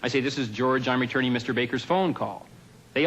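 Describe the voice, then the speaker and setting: On a television studio stage, a man performs stand-up with dry, deadpan observational humor and offhand asides. His voice is medium-pitched and brisk. The recording quality is low.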